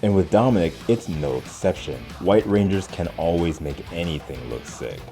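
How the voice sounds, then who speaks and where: Chatty low-voiced male host. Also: lively intonation, moderate pace, over music. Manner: enthusiastic, chatty, says "like" often. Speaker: show host. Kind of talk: casual reaction commentary.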